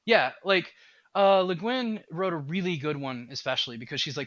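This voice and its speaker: Male podcast guest, game dev; slightly high, sharp voice, animated and rambly, dry lo-fi sound. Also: fairly quick, no echo. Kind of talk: casual podcast chat.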